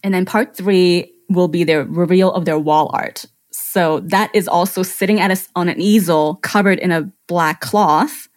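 A woman's voice: lowish voice, steady tone, moderate pace, hardly any pauses. A woman photographer, a podcast guest, describing her client process step by step with enthusiasm. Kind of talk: conversational interview.

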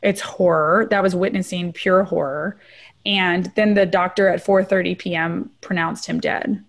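A woman's voice: lowish voice, steady tone, unhurried. Candid middle-aged woman telling her story. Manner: earnest and candid, often adds "right?". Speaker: guest, trauma researcher and professor. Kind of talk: personal storytelling in an interview.

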